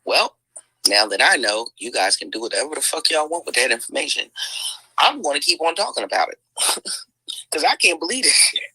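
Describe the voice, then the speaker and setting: Woman venting on her livestream, husky and sharp, swears a lot, goes mm-mm, dry close sound. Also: sits low, big pitch swings, fairly quick, pauses often, no echo, low-quality recording. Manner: profane, exclaiming, lots of sighs and mm-mm. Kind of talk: heated livestream commentary.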